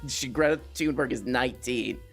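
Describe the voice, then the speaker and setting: Deadpan, gravelly male show host. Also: mid-range voice, normal speed, soft background music. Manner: deadpan straight man, flatly repeating the guest's claims. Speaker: host of a comedy call-in show. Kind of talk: deadpan comedic interview.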